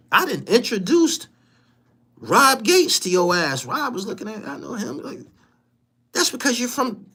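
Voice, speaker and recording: A man hosting a podcast in a heated, profane rant, mocking his target and repeating lines for emphasis. He jumps from loud, high outbursts to low, muttered asides. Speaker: podcast host.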